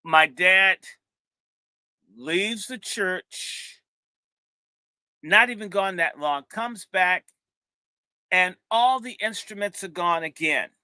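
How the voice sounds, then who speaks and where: A middle-aged man, a minister, telling a lively, funny story from his own past in animated talk, breaking into other people's voices. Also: high voice, slow, pauses often, smooth, no echo.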